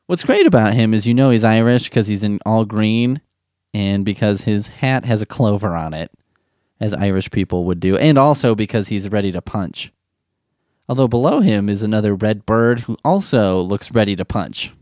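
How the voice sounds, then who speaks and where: A man's voice: fairly low pitch, moderate pace, a little mellow, no echo, studio quality. A man riffing comedically in a rambling, sarcastic way, swearing often.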